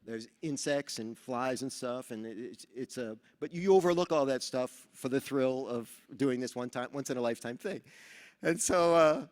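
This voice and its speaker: A man from New York giving a motivational talk at a seminar, telling animated stories and acting out the dialogue. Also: medium pitch, moderate pace. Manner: animated storyteller who acts out dialogue. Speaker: Rotary speaker at a training seminar. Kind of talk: motivational speech with storytelling. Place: large event hall. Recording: reverberant hall.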